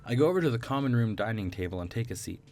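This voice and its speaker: A man's voice: mid-range voice, expressive, rapid-fire, a little mellow, a little hiss or hum. A young man reading a visual novel aloud, breaking off for chatty, laughing asides full of ums. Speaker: gaming video creator.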